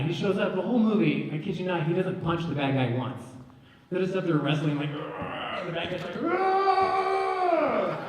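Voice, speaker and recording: Man doing stand-up in an echoey hall. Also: high voice. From New Mexico, US. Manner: rambling, animated storytelling with deadpan asides. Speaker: stand-up comedian. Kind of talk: live stand-up comedy. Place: stage in a large hall. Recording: echoey hall, distant mic.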